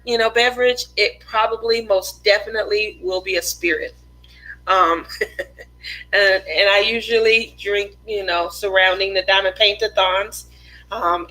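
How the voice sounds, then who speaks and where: A woman hosts a relaxed craft livestream from home, talking slowly and easily as she reads out viewer comments. Her voice sits a little high and sounds bright and forward. She laughs often between remarks. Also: low-quality recording. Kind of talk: casual livestream chat reading comments. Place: home in the desert.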